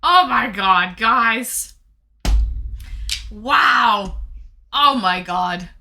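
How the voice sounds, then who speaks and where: Bubbly woman streamer, very bright and lively, effusive casual chat. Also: on the high side, drawn-out words, faint music behind. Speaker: streamer hosting viewer dates.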